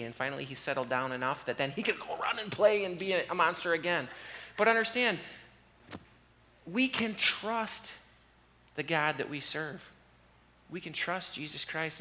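A man preaching an earnest, conversational sermon in a church and leading a soft, slow prayer. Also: high voice, animated, big-room sound. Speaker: pastor. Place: church sanctuary.

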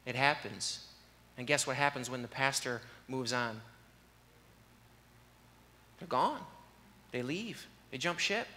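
A man preaching an earnest, conversational sermon in a church and leading a soft, slow prayer. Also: mid-range voice, in a large hall. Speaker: pastor. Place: church sanctuary.

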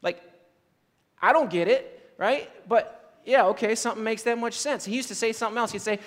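Male pastor, high voice, chatty storytelling sermon, long hall reverb. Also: brisk. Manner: conversational storytelling, frequent "like" and "right?".

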